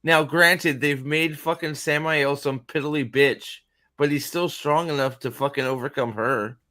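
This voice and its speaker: A man's voice: on the high side, steady tone, a little slow, pushed and bright. A man hosting a casual reaction commentary, rambling, profane and sarcastic, with frequent restarts. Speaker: host.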